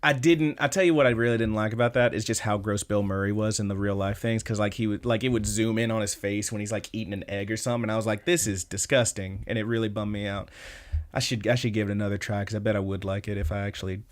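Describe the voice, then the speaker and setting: A man's voice: fairly low pitch, fairly even intonation, fast. A man co-hosting a podcast in casual, laid-back chat, joking around and swearing freely. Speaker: podcast co-host.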